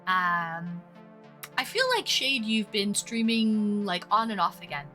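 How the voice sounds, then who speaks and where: Bright-voiced chatty woman streamer. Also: medium pitch, expressive, slow, soft background music. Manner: chatty and playful, teasing her chat. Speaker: streamer hosting online dates. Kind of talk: casual live-stream chat.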